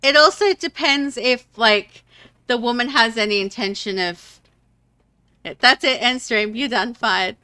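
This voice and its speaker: A woman's voice: on the high side, a little slow, pushed and bright, clear, resonant tone. A woman streaming a game, chatting casually and rambling with many fillers and restarts. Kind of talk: casual gameplay chat.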